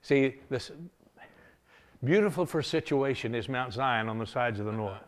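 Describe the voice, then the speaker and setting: A man preaching a revival sermon, telling a Bible story in a folksy, animated way, often chuckling. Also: mid-range voice, moderate pace.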